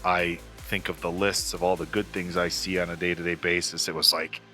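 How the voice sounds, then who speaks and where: A man's voice: deep voice, flat delivery, a little fast, bright, forceful tone, soft background music. A man in his forties hosting a movie reaction, talking casually and earnestly with many fillers and restarts. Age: 40s. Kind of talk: casual chat.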